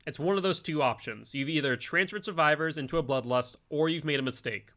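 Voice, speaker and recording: A man's voice: a little high, fairly quick, fairly bright tone. A man streaming a video game, chatting casually and musing aloud about the match and the game's balance. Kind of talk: gameplay commentary.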